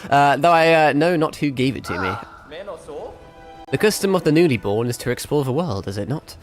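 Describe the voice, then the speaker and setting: A man's voice: mid-range voice, big pitch swings, brisk, faint music behind, lightly acted. A man putting on a posh courtly wanderer. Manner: posh, archaic formal speech. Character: courteous young male wanderer, formal.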